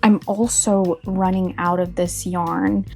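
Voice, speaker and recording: A woman's voice: lowish voice, flat delivery, slow pace, creaky, dark tone, soft background music. A woman vlogger talking casually and earnestly through her crafting progress. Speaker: crochet vlogger. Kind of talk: casual vlog voice-over.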